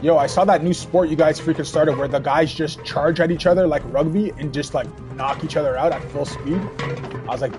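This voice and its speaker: A man's voice: on the high side, normal speed, over music. A man giving rambling, casual commentary while playing a video game and chatting with viewers. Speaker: let's play streamer.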